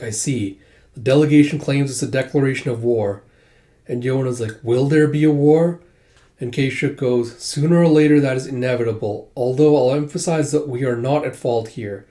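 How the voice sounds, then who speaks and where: A man's voice: mid-range voice, mellow. Chatty man recapping a manga. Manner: chatty, acts out characters' lines in lifted voices. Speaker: manga reviewer. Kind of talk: casual manga recap with quoted dialogue.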